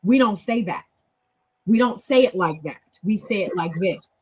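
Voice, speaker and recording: A woman's voice: medium pitch, expressive, normal speed, husky, rough recording. A woman hosting a language club, teaching in a chatty, encouraging, long-winded way on a casual live stream.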